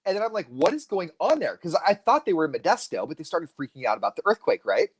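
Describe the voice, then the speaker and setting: A co-host talking on a video call from home, rambling through stories with plenty of restarts. The pitch moves a lot, so the delivery sounds lively and animated in a casual stream chat. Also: racing, no echo.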